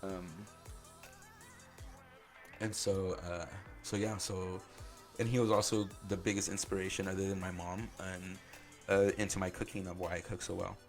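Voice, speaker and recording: A man's voice: low voice, little pitch movement, normal speed, pauses often, faint music behind. A man hosting a podcast, telling a personal story in a loose conversational way, filling his speech with "like". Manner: loose conversational, heavy use of "like". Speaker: podcast host.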